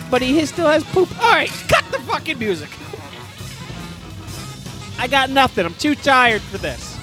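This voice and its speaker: A man's voice: very high-pitched, very animated, normal speed, long pauses, sharp tone, soft background music. A man improvising crude comedy bits, rambling and laughing at his own jokes.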